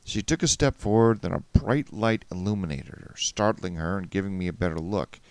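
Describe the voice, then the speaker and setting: A man narrating a first-person story in a wry, measured way. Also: sits low, a little mellow, no room sound.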